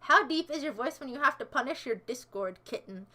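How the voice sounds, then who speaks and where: A woman's voice: high-pitched, expressive, brisk, sharp tone. A woman livestreaming in a casual chat, answering her viewers in a playful, goofy way that jumps between silly voices and asides.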